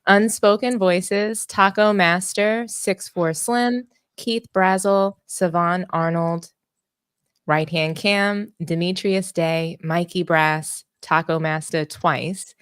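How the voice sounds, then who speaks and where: A woman co-hosting a casual sports podcast, cheerfully reading out member shout-outs. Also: lowish voice, fairly even intonation, slow, clear, resonant tone, no echo, clean studio sound. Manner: cheerful, upbeat listing of names. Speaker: podcast co-host.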